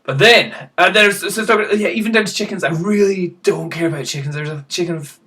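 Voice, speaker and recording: A man's voice: high-pitched, brisk, pushed and bright. A man chatting casually to camera in a rambling, self-mocking way, chuckling at himself. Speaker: vlogger.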